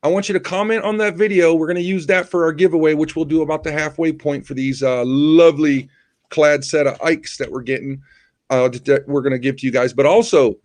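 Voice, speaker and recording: A man's voice: fairly high pitch, fairly even intonation, brisk, a little mellow. Eager man announcing a giveaway. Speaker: co-host. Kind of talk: casual livestream chat.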